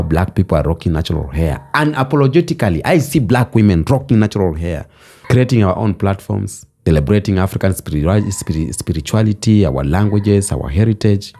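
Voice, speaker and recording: A man's voice: low voice, warm tone. A man delivering a passionate vlog monologue, emphatic, building his points with repeated phrases in a preaching cadence. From Kenya. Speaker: vlogger. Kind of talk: passionate social commentary monologue.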